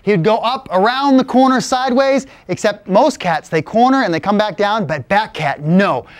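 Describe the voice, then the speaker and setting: Lively man telling a tall tale. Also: high voice, moderate pace, dry recording. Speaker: storyteller. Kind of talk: live spoken storytelling.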